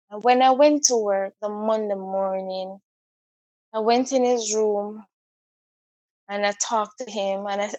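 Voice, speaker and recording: A woman, a guest telling a personal story in a halting, heartfelt way with frequent repeats. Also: medium pitch, a little mellow, dry recording. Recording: dull, dry lo-fi recording.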